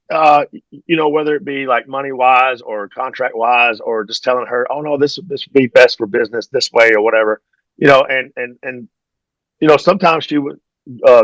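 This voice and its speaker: A man's voice: medium pitch, fairly quick, fairly bright tone, dry recording, lo-fi sound. Laid-back man telling stories. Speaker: podcast guest, former pro wrestler. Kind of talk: casual interview storytelling.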